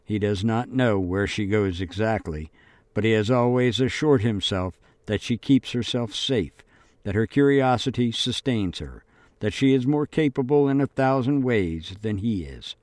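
A man narrating an audiobook in a measured, deliberate reading. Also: on the low side, expressive, a little mellow, no echo.

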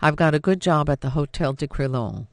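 A man's voice: a little high, brisk, creaky, no room sound. A man playing a bitter, drinking middle-aged father who speaks in a weary, stern manner.

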